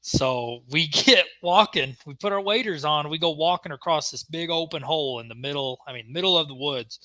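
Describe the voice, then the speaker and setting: A young man co-hosting a podcast, telling a story in casual chat and acting out the shouted quotes. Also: fairly high pitch, moderate pace, dry recording. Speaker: podcast co-host.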